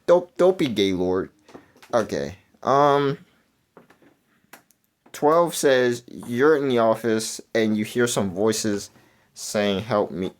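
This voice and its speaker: A young man talking through a video game quiz in casual, rambling commentary, mumbling and then jumping into excited outbursts. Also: fairly low pitch. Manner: rambling, self-correcting, swings between mumbling and excited outbursts. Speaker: gaming YouTuber.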